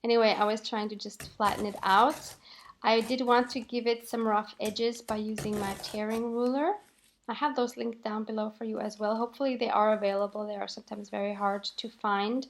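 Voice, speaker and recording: A woman calmly narrating a voiceover for her crafting video, explaining each step with light laughs. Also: medium pitch, fairly quick. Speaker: craft channel host.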